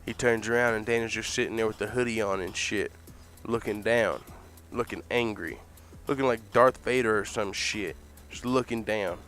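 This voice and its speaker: A man telling a comic fantasy story in an animated, profane way, laughing often. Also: fairly low pitch, normal speed, faint music behind.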